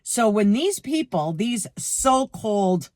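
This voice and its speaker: A middle-aged woman with a New York accent ranting to her viewers about a rude cashier, heated and animated, speaking to them directly. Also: mid-range voice, takes it slowly, no echo, clean studio sound. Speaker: vlogger. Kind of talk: storytime rant to camera.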